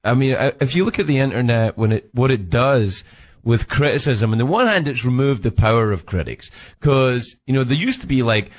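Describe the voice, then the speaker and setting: Lively Scottish man in chat. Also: medium pitch, a little fast. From Scotland. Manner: lively, laughs often. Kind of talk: casual conversation.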